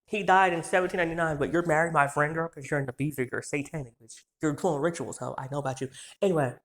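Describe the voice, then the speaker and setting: A man's voice: on the high side, fairly even intonation, a bit bright. A man in his twenties telling a story in a heated, profane rant, so worked up that he trips over his words. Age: 20s. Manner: heated, profane, rapid-fire insults.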